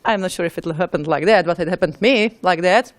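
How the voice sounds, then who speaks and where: A woman's voice: on the low side, no room sound. Chatty woman giving a conference talk. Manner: informal, chatty, a little halting. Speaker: conference speaker. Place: conference hall.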